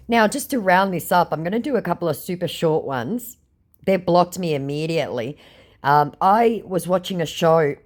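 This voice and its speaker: Give me a lively, sarcastic woman reading out scam chats. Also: low-pitched. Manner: sarcastic, mocking. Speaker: scam baiter. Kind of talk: reading out chat messages with commentary.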